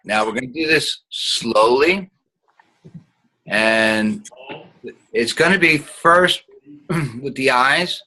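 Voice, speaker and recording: A man's voice: mid-range voice, takes it slowly, pauses often, sharp tone, poor audio. A man teaching an online acting class, guiding students patiently and showing each sound with hums.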